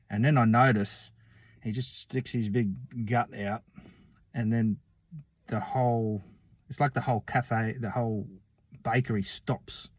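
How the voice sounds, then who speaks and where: A man's voice: lowish voice, fairly even intonation, measured pace, long pauses, dry recording. A man telling a rambling, casual story, swearing freely and acting out what other people said.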